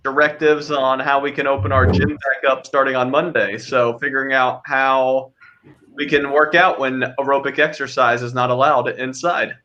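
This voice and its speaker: A man's voice: mid-range voice, sharp tone, lo-fi sound. A man calling in from his office, co-hosting a podcast with wry, teasing remarks. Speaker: podcast co-host. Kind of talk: casual chat.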